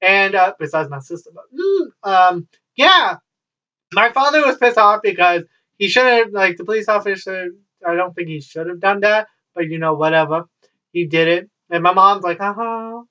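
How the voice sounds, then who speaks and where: Young adult man, high bright voice, rambling swearing storyteller, dull lo-fi sound from a distance. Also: moderate pace. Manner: rambling, swears freely, wry asides. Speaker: vlogger. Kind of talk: casual storytelling. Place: at home, child nearby.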